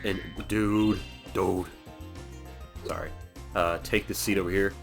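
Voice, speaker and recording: A man with a low voice talks casually over his gameplay as a let's play host. He rambles and pokes fun at himself in a chatty way. Faint music plays underneath. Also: fairly even intonation, slow, gravelly. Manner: rambling, self-deprecating, chatty. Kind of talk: casual game commentary.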